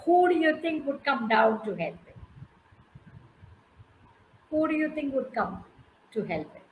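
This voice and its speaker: A woman's voice: high-pitched, sing-song, unhurried, echoey room, phone-quality sound, slight background noise. A woman with an Indian English accent telling a story to a class, coaxing answers and praising listeners by name. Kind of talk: interactive storytelling with questions to listeners.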